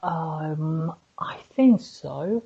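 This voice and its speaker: A low-voiced woman with a husky edge and a learned British RP accent, talking earnestly on a casual podcast. She pauses to hunt for the right words. The recording sounds a little muffled and lo-fi. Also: animated, mellow. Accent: contemporary British RP, learned. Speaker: co-host. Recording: slightly muffled, lo-fi.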